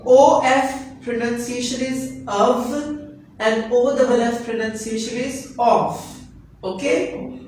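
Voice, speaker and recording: A man teaching English pronunciation in a classroom, repeating each word slowly and patiently for his students. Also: very high-pitched, fairly even intonation, darkish tone, slight background noise. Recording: echoey classroom recorded from a distance.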